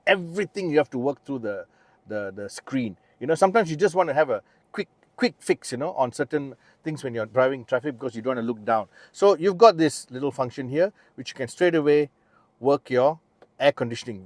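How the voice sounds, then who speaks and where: A middle-aged man with a Malaysian English accent and a fairly high voice, talking through a car review with chatty enthusiasm. He fills his talk with fillers and restarts as he points things out from the driver's seat. The sound is dry and close. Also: no room sound. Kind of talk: casual test-drive review. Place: inside a car.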